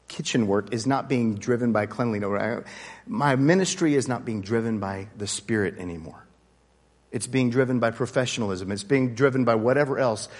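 A man teaching a small Bible study in an earnest, conversational way, his sentences often restarting as he builds to a point. His voice sits at an ordinary middle pitch, and a long reverb trails behind it in the room. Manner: earnest, conversational, with frequent restarts and rising intensity.

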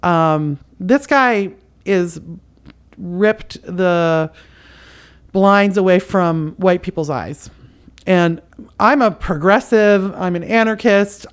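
Woman podcast host with a lowish voice, impassioned spiritual commentary, emphatic and casual. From outside the US.

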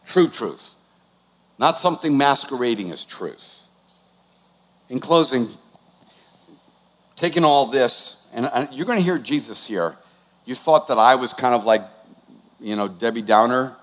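A man's voice: mid-range voice, measured pace, pauses often, a bit bright. A man, preaching a conversational sermon with sudden swings in volume. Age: 60s. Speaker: pastor. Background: new-age music.

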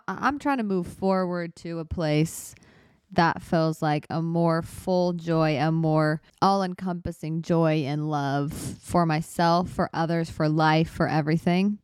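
A woman's voice: low voice, darkish tone, clear, resonant tone, no room sound, clean studio sound. A young woman hosting her own podcast, opening up about her life in an earnest, reflective way, with lots of fillers and restarts. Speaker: podcast host. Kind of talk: reflective solo podcast talk.

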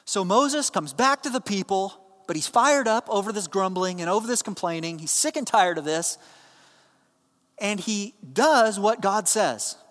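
A man's voice: high-pitched, expressive, a little slow, fairly bright tone. Man preaching a sermon in a reverberant hall. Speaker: pastor.

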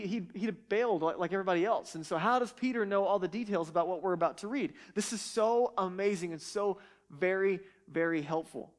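A man whose voice is high and light teaches from the Bible. Earnest and emphatic, he pushes forward and frequently trips over repeated words.

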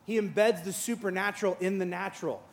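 A man's voice: sits high, fast. A male pastor preaching a sermon, mixing playful storytelling and acted-out dialogue with earnest, reflective teaching.

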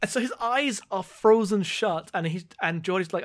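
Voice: mid-range voice, moderate pace, hardly any pauses. A podcast co-host recapping a book in casual chat, laughing often and sometimes losing the thread.

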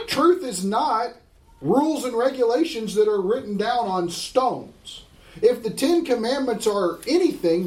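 A middle-aged man with a high voice leads a Bible class. He reads scripture slowly and with stress, then quizzes his students in an emphatic, teacherly way. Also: a little mellow.

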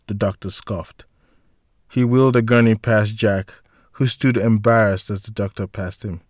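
This is scripted audiobook narration by a man whose voice sits on the low side. He reads in a steady, measured way, and the recording is dry and studio quality.

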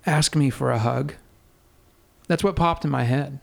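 A man's voice: mid-range voice, a little slow, creaky. A man guest earnestly recounting a personal faith experience in casual conversation, with frequent fillers and restarts. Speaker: podcast guest.

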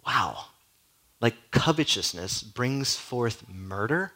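A man's voice: mid-range voice, normal speed, fairly bright tone, poor audio. A man preaching a sermon as a pastor, in a conversational way full of "like" and direct questions to the listeners.

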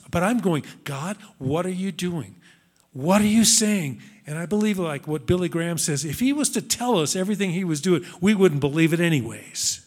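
A man giving a conversational sermon, earnest and searching, with frequent restarts and rhetorical questions. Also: high-pitched. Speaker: minister.

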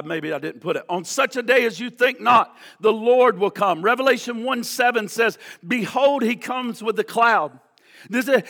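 A male pastor delivering a sermon in a high, bright voice, slow and deliberate. He repeats key lines for weight and moves between hushed passages and shouted ones. There's a gravelly edge to his tone. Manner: preaching with sudden swings from hushed to shouting; slow, drawn-out delivery with emphatic repetition.

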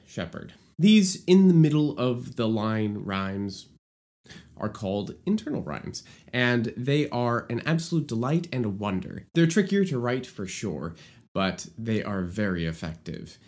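A man gives an upbeat lesson on lyric writing. His pitch swings widely and his delivery is lively. He adds playful asides as he explains. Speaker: musical theater educator.

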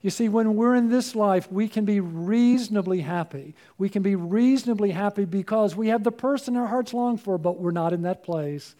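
A man preaches a sermon in a strikingly high voice with a soft, mellow tone. He pushes up hard when he urges his listeners. He keeps tossing questions to the congregation for them to answer back. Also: normal speed, hardly any pauses. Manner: emphatic, rising sharply when quoting and urging; asks the congregation call-and-response questions. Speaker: pastor.

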